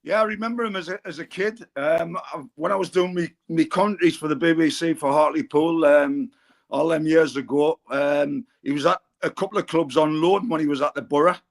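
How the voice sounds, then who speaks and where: A middle-aged man with a Geordie accent spins rambling football anecdotes in casual podcast chat. His voice sits a little high, and he keeps looping back through "um" and "you know" as he goes. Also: fairly quick, vocal fry. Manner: rambling anecdotal storyteller, frequent fillers and restarts. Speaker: pundit on a football fan podcast.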